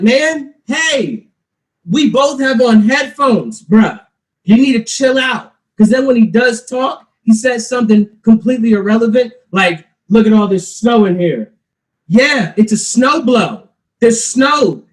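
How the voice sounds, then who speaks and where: A young man doing a stand-up comedy set, telling his stories in an animated, loose way. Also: high voice, poor audio. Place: live-streamed show.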